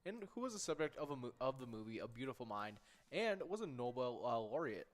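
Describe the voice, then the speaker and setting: A man with a mid-pitched voice chats casually as a co-host, tossing in short relaxed reactions. His voice carries a long reverb, as if the room around him is large and bare. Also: fast talker. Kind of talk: casual chat.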